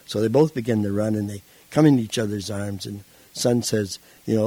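A man being interviewed who tells his life story in a casual, animated way and acts out the voices in it. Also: fairly low pitch, fairly quick, hardly any pauses, no echo, low-quality recording. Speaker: interview guest.

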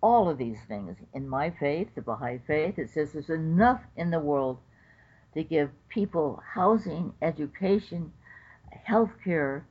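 A woman's voice: sits low, unhurried, husky. An older woman, a judge, telling stories in an interview and acting out what others said. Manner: animated storyteller acting out quotes. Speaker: federal judge. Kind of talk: interview storytelling. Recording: dull lo-fi recording.

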